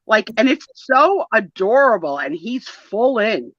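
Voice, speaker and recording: A woman from the New Jersey and New York area, chatting in a rambling, animated way while co-hosting a live photo sale. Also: fairly high pitch, measured pace, dry recording, highs cut off. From northeastern US, New Jersey and New York area. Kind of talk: casual live-stream chat.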